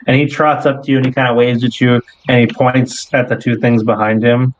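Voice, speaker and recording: A man narrating a tabletop role-playing game as game master, telling the scene in a relaxed way with fillers. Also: medium pitch, brisk, lo-fi sound.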